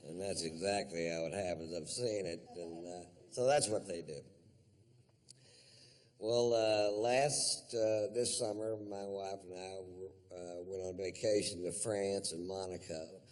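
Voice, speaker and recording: A male stand-up comedian with a somewhat low voice tells a long story. His delivery is laid-back and rambling, full of profanity and fillers. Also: fairly even intonation, unhurried, a little mellow.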